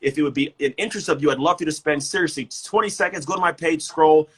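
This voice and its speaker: A man who is a motivational speaker and coach, talking in an energetic, emphatic way and often repeating words. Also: on the high side, fast, husky, low-quality recording. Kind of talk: casual motivational talk. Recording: livestream guest.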